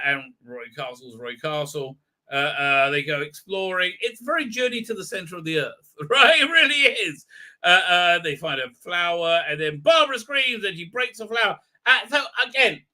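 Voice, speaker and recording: Excitable man with a bright, high voice. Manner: rambling and excitable, with many fillers and quick tangents. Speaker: livestream host. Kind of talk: casual movie recap commentary.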